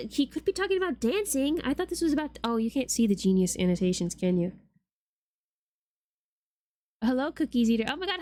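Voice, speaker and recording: A woman's voice: on the high side, warm tone, no echo. A woman streamer chatting playfully with her viewers while she draws, swearing casually.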